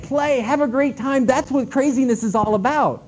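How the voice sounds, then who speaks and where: A man giving an animated conference talk to librarians, emphatic and swinging between loud and hushed delivery. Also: very high voice, normal speed, hardly any pauses. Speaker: keynote speaker at a library conference. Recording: dull lo-fi recording with faint noise.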